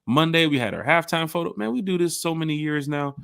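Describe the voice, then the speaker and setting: A man co-hosting a casual sports fan podcast, hyped and slangy, shouting out viewers in the chat. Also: fairly high pitch, fast talker, vocal fry, smooth, no room sound, clean studio sound. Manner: animated, hype, slangy, reads chat shout-outs. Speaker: podcast co-host.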